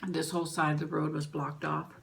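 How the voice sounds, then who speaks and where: A middle-aged woman tells a personal story in a low, level voice with little rise and fall. She speaks haltingly, stopping and restarting as she goes. A faint ticking clock and room hum sit behind her. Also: flat delivery, creaky. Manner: emotional, halting, with pauses and restarts. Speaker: vlogger.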